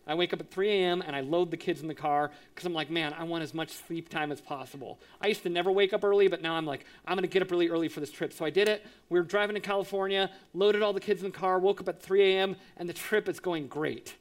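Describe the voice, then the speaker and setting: A man in his thirties, a pastor, telling a lively personal story in a sermon, acting out voices and sound effects. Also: high-pitched, fast talker, few pauses. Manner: animated, acts out quotes with sound effects.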